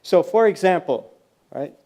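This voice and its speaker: A man with a fairly high voice gives a keynote talk at a university event. He tells stories with lively energy and often laughs. He slips into the voices of the people in his stories. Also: a little slow. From USA. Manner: animated, acts out quoted voices, laughs often. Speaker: keynote speaker. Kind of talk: storytelling keynote speech. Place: university event hall with audience.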